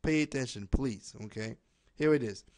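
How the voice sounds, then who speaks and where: A man's voice: mid-range voice, normal speed, a little mellow, no room sound. Guy begging friends for help on camera, keeps going please please okay, dead dry sound. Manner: pleading, repetitive, tags okay on most lines. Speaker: home business promoter. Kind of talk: direct-to-camera appeal.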